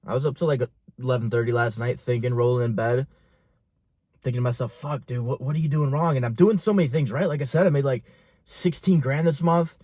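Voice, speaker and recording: A man's voice: medium pitch, brisk, a little mellow, no room sound, studio quality. Young man giving a blunt, profane pep talk. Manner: intense, profane, pushy motivational talk. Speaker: fitness and business coach. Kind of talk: motivational talk to camera.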